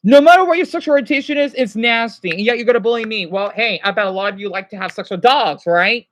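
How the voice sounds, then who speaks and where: A man's voice: high-pitched, fast talker, fairly bright tone. A stressed man vlogging, ranting to his viewers in an agitated, rambling way, swearing and then apologizing. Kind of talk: unscripted emotional rant to viewers.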